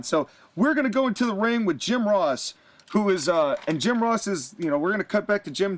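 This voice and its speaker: Animated man recapping wrestling. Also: sits high, normal speed. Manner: animated storytelling, acts out wrestlers' lines. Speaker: podcast host recapping a wrestling show. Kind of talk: casual podcast chat.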